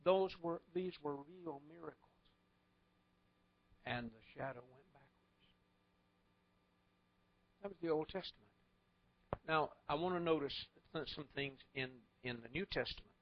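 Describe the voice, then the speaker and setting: Man preacher, a bit higher voice, folksy storyteller with wry asides, muffled sound. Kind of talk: sermon. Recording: muffled lo-fi recording.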